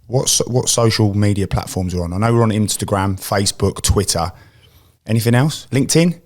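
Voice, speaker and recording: Jokey english guy in his 40s hosting a podcast, lowish voice, rambles a lot. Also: brisk. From England. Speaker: podcast host. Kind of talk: casual chat.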